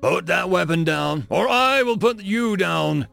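A proud human general speaks firmly and sharply, with a raised, lively voice, as a male narrator acts him out. Faint music sits behind the reading. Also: sits high, a little slow, creaky, pitched above the performer's own voice, full character voice. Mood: stern. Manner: firm, commanding.

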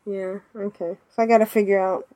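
A woman hosting a podcast in casual chat, animated and chatty, laughing often, talking over a remote call mic. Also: mid-range voice, brisk, dry recording. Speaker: podcast host.

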